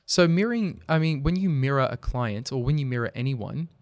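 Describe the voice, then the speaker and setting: In a dry, studio-quality recording, a man with a mid-range voice talks briskly as a podcast guest. The video company founder is earnest and storytelling in this casual interview, becoming animated when he makes a point.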